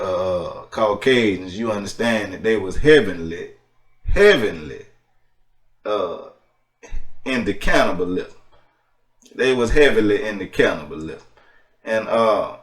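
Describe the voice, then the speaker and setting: A low-voiced man holds forth in a casual, emphatic monologue, hammering points home by saying them twice. He sits back from the mic, so his voice carries a roomy echo. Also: fairly bright tone. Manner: emphatic and preachy, repeats phrases for weight. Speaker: podcast host. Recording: echoey room, distant mic.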